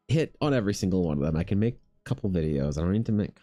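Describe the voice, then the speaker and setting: A man's voice: sits low, animated, quick pace, dark tone, soft background music. A man who streams art and chats casually, rambling with lots of "like" and swearing. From Canada. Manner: rambling, heavy "like" filler, profane.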